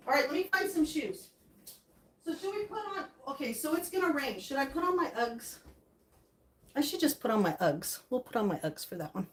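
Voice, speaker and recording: A middle-aged woman chats on a live stream in a slightly high voice. She reacts to viewer comments as they come in, emotional and laughing easily. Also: very animated, moderate pace. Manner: chatty, reacting to chat comments. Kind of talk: casual live-stream chat.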